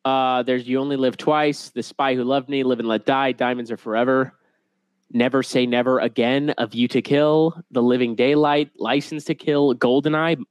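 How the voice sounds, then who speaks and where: Podcast co-host: young man, mid-range voice, rambling and animated, dry close mic. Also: medium pitch, moderate pace, clean tone, no echo. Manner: rambling, animated, laughs at own jokes. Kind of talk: casual chat.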